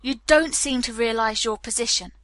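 A woman's voice: fairly high pitch, normal speed, a bit bright, dry recording, lightly acted. A woman reading a blunt, demanding police captain. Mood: stern. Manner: hard, demanding questions.

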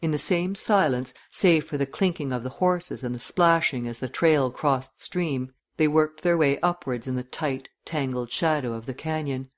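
A man narrating a literary audiobook in a measured, descriptive reading. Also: a little high.

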